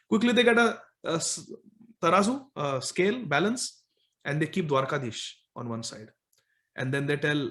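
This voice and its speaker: A man telling a devotional story in a talk, animated and chuckling as he goes. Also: a little high, moderate pace. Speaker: spiritual speaker.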